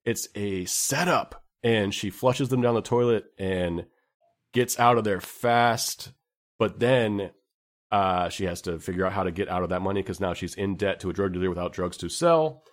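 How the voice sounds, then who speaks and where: A man co-hosting a podcast, casually recapping a movie plot in a relaxed, rambling way. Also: sits low, moderate pace. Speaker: podcast co-host.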